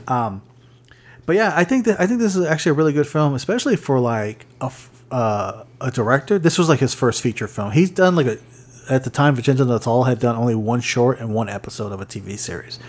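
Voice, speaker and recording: Male podcast co-host, mid-pitched, loose and rambling, stumbles and restarts while reading notes. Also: animated, fast. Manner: rambling, many fillers and restarts, reads notes aloud. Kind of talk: casual chat.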